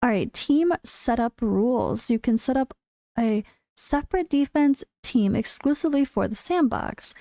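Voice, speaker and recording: A woman hosting a gaming channel, reading patch notes and breaking off into excited reactions, her voice going hoarse. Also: a little slow, dry recording, clean studio sound. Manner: excitable, bursts into high exclamations.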